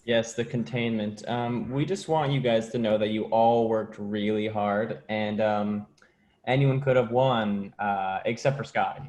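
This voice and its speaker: A man's voice: fairly low pitch, fairly even intonation, a little slow, a little mellow. A man hosting a student comedy sketch, talking with hesitant fillers. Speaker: show host.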